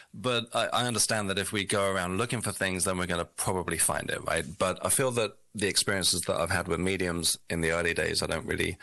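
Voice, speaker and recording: A man's voice: sits low, bright, forceful tone, dry recording. A British man, an author and guest on a radio show, talking in a reflective, rambling way with self-deprecating asides. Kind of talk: radio interview.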